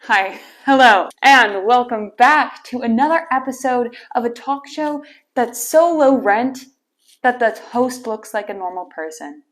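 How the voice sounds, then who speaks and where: A woman's voice: fairly high pitch, unhurried, a bit bright. A young woman from Wisconsin hosting her own small talk show, chatty and playfully teasing. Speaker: host. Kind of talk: casual solo talk show.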